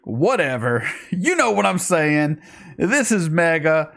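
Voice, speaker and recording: A man hosting a reaction video, recapping an episode in a fast, rambling, excitable way while tired from a night shift. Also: fairly high pitch, gravelly.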